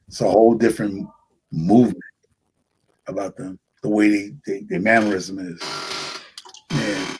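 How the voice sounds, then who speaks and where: A man's voice: fairly low pitch, fairly even intonation, moderate pace, pauses often, a little mellow, a little hiss or hum. Laid-back New man chatting. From New York City. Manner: rambling, laid-back, slangy. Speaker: podcast host. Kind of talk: casual chat.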